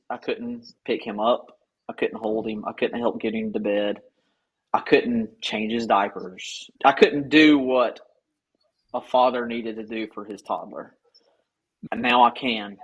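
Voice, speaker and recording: Brief: man in his thirties from Georgia, husky and heartfelt, a podcast guest who keeps restarting his thoughts. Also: mid-range voice, low-quality recording. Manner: earnest, heartfelt, speaks in halting restarts. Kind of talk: casual conversational interview.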